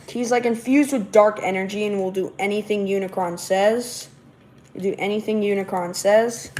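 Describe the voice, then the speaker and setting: A woman's voice: medium pitch, mellow. Livestream host, woman, mid-range voice, rambling delivery with constant fillers, faint noise behind. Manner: rambling, many fillers and restarts. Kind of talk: casual livestream talk.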